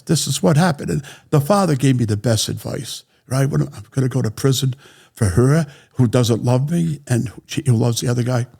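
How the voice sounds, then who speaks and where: Gravelly, husky man. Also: mid-range voice. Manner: blunt, profane, animated anecdote-telling. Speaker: interview guest. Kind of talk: casual storytelling.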